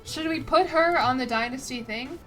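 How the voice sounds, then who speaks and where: A woman's voice: sits high, moderate pace, fairly bright tone, faint music behind. A woman streaming a strategy game, reading the game text aloud, stumbling over words, swearing and chatting with lots of "like". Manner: chatty asides with frequent "like". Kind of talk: casual gameplay commentary.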